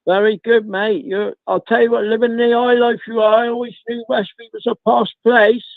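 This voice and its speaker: A man calling in to a live stream, rambling with many pauses and calling the host mate. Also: very high-pitched, level tone, gravelly, no room sound. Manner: rambling, says mate a lot, frequent ums. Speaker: caller. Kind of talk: casual phone chat. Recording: tinny dry phone line.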